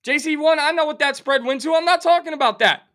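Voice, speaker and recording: A middle-aged man rants on a sports betting show, animated and sarcastic, playing up his outrage. His voice sits high for a man and sounds sharp and forceful. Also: fast talker. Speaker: sports talk show host. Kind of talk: fired-up sports betting rant.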